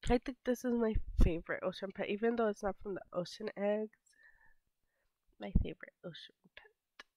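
A woman in her twenties with a sick, stuffy voice, chatting softly over gameplay and trailing into whispers. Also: medium pitch, fast talker, no room sound. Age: 20s. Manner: soft-spoken, drifting into whispers. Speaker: gaming YouTuber. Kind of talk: casual gameplay commentary. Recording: slightly dull lo-fi mic.

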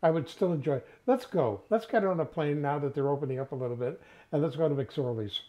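A man's voice: a little high, quick pace, dark tone. An older man co-hosting a casual chat, playful and jokey. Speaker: co-host. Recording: dull lo-fi sound.

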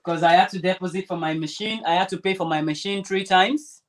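A woman's voice: fairly low pitch, fairly even intonation, brisk. A woman vlogger chatting casually while sewing, rambling and restarting her sentences. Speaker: crafter vlogger.

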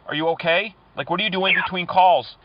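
A man's voice: high-pitched, steady tone, a little fast, muffled recording. A man making prank calls, teasing and flirting with pick-up lines. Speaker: prank caller. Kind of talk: prank phone call.

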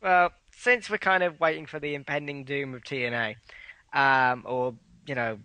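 A man's voice: fairly high pitch, fairly even intonation, moderate pace, bright, forceful tone, smooth, no echo. A man co-hosting a casual podcast chat, recapping news bluntly and swearing freely. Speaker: podcast co-host.

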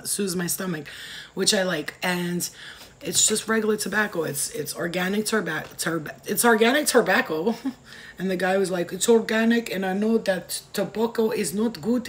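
A woman giving a casual tarot reading in a brash, profane, rambling way, wandering off on tangents. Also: on the low side. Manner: goes off on tangents. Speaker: tarot reader.

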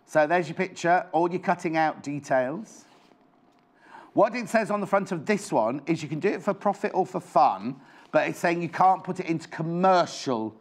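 A man's voice: fairly high pitch, moderate pace. A man presenting a live shopping show, chatting in a bubbly way about the items on show into a clip-on microphone in a TV studio. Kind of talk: live TV sales chat.

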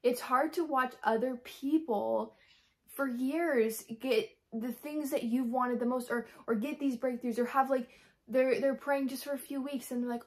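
A woman's voice: high voice, fairly even intonation, moderate pace. A young woman talking candidly in a devotional vlog, earnest and rambling, acting out her own prayers as she speaks. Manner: earnest, rambling, full of fillers and quoted prayers. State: frustrated but hopeful. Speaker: Christian vlogger.

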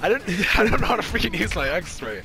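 A man's voice: high-pitched, sing-song, a little fast. A man bantering and trash-talking while playing a fighting game with a friend, playing a bratty son. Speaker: gamer. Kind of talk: casual gameplay banter.

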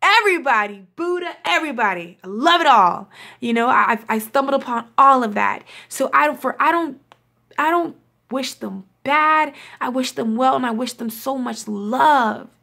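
A woman's voice: sits high, expressive, moderate pace, creaky, sharp tone. A young woman hosting a spiritual reading channel, talking in a casual, effusive way, swearing freely and laughing often.

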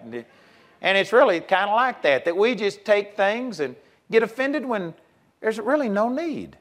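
High-voiced folksy preacher. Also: male voice, normal speed. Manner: folksy and animated, swinging between loud and soft. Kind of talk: sermon.

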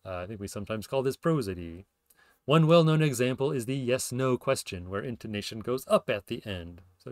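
A man's voice: medium pitch, expressive, a little fast, dry recording, clean studio sound. A man hosting his own podcast, explaining ideas in a casual lecture, thinking aloud with fillers and self-corrections. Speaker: podcast host explaining linguistics.

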